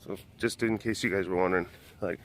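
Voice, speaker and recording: A man's voice: deep voice, fairly even intonation, fast talker, fairly bright tone, a little hiss or hum. A man from Wisconsin hosting a casual webcast outdoors at an animal compound, talking into a handheld phone in a rambling way that repeats itself. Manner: rambling, repeats himself, coos baby talk at the cats. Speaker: vlog host at a big cat sanctuary.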